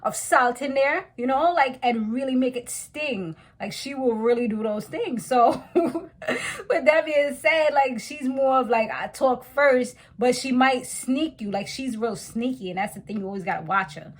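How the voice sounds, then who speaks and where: A woman's voice: high voice, a little slow. A woman from the West Indies giving a chatty, slangy recap of a reality TV episode, talking straight to her viewers.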